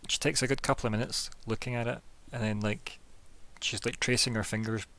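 A man's voice: mid-range voice, steady tone, brisk, bright, forceful tone. Casual male game master. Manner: casual, filler-heavy narration. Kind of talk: narrating a tabletop game.

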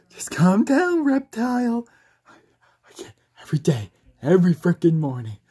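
A woman voicing an irritable dad who yells and throws insults, in an amateur comedy video. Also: fairly low pitch, wildly swooping pitch, a little slow, slightly rough, full character voice. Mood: annoyed. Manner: short-tempered, yelling insults. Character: irritable, shouting dad of a kid.

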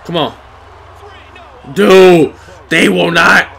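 A man's voice: high voice, fairly even intonation, extremely slow, creaky, fairly bright tone, slightly rough. A man playing a wrestling video game, muttering and swearing at the screen in frustration. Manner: talks to himself and the screen. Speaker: gamer. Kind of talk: casual gameplay commentary.

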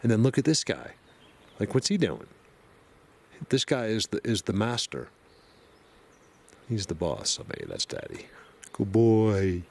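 A man vlogging outdoors on a mountain road, rambling excitedly to his viewers from a helmet camera. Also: on the low side, unhurried, vocal fry, pauses often, slightly rough. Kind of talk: casual outdoor vlog.

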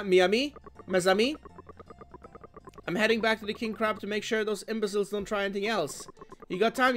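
A gruff crab shop boss barks orders and tosses in broken French phrases with pirate flair, as a man puts him on. The voice sits high, and soft game music plays underneath.

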